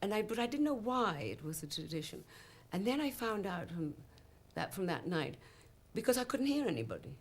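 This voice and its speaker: A woman with a Welsh accent telling stories of her singing career in an interview, lively and acting out the dialogue she remembers, with many asides of "you know". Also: mid-range voice, fairly quick. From Wales. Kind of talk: reflective interview storytelling.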